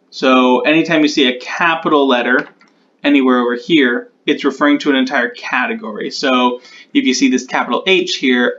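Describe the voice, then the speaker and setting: A man talking through his own tutorial, thinking aloud and slowing down as he types out rules. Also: mid-range voice, a bit bright, dull audio. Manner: muses aloud, repeats test words, slows down while typing. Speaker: conlang creator.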